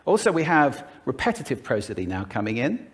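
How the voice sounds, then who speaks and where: A man giving a polished public talk on speaking, animated and demonstrative as he shows off pitch, pace and volume. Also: a little fast. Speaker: speaker on voice and communication. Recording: played from a recorded talk.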